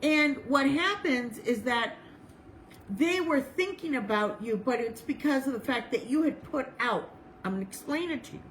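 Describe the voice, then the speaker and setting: A bubbly woman chaplain with a fairly high voice tells a story in a loose, chatty way and laughs often as she goes. She slows to a measured pace whenever she recites a prayer or a verse of scripture. A faint hiss of noise sits behind her. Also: animated, fairly bright tone, rough recording. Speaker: chaplain and reverend leading a service. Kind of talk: casual, storytelling sermon.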